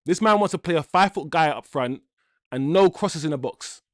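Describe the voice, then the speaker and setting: A man's voice: on the high side, animated, fairly quick, a bit bright, dry recording, clean studio sound. A man hosting a live football watch-along, ranting in exasperation, swearing and repeating himself as he vents. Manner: repeats himself while venting.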